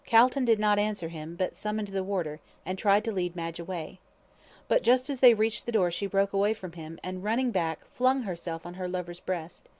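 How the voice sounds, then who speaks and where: A woman narrating a classic mystery novel in measured, expressive storytelling. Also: medium pitch. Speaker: audiobook narrator. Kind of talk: scripted narration.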